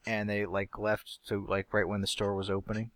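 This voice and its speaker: A man's voice: fairly low pitch, monotone, moderate pace, a bit bright, dry recording. A man in casual chat, easygoing and teasing, laughing often.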